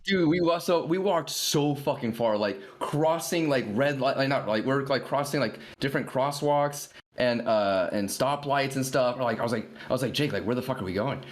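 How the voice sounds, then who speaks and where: A man's voice: medium pitch, moderate pace, hardly any pauses. A young man on a podcast, telling a long story in casual chat and rambling with lots of "like" fillers. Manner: rambling, heavy filler "like", animated retelling. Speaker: podcast regular.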